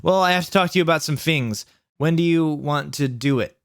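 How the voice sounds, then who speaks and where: A man's voice: a little high, fairly quick, close to an everyday voice. A man voicing a young, crude, casual goth woman teacher in a raised, sing-song voice for a comic reading. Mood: breezy.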